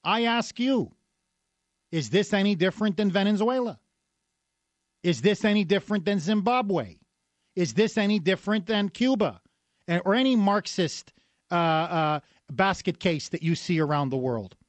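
A man's voice: high voice, lively intonation, moderate pace, dry recording. A man hosting a talk radio show, delivering a combative, sarcastic rant between callers. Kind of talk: opinionated talk radio monologue.

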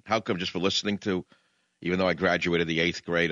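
A man's voice: low-pitched, fast, fairly bright tone, dry recording, dull audio. A male talk radio host delivering a rambling, sardonic, combative monologue.

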